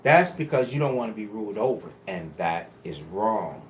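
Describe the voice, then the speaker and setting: A man's voice: lowish voice, animated, normal speed, slight background noise. A man preaching a sermon to a congregation, emphatic and pleading, with casual street-style phrasing. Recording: roomy echo.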